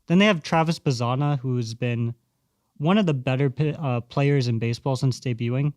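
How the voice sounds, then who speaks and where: A man with an ordinary mid-range voice walks through pitching numbers and player stats at a measured pace. The sound is close and dry, in relaxed podcast chat. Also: no echo. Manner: stat-heavy, measured. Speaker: podcast co-host. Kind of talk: casual sports chat.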